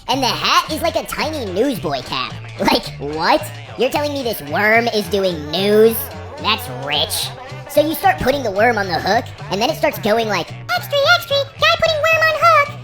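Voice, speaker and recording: A young woman telling a comic story in an exasperated, sarcastic way with casual slangy phrasing. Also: on the high side. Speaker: comedic storyteller. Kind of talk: deadpan comic monologue. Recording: music playing behind.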